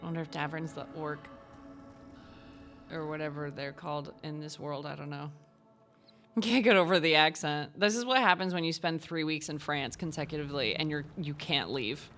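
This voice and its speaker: A woman gaming streamer giving casual let's-play commentary, excitable and gushing, laughing often. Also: low-pitched, normal speed. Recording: game music behind.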